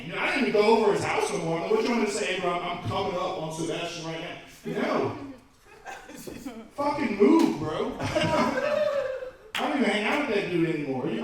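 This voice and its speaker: Man, stand-up comedian, profane, incredulous, high pitched, roomy distant sound. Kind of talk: stand-up set. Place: comedy club. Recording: echoey club from far off, crowd.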